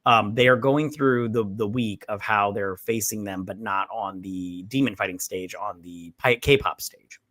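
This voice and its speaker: Co-host, male, bright tone, dry close sound; rambling recap that slips into acted lines with curses. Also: on the low side, measured pace, few pauses, no room sound. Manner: rambling, acts out characters' lines with swearing. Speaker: podcast co-host. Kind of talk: casual recap chat.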